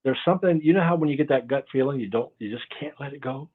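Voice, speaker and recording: A man's voice: mid-range voice, fast, slightly rough. A man telling stories as an interview guest, rambling and often losing his train of thought, heard over a video call. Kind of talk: casual interview storytelling. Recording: tinny phone-like call audio.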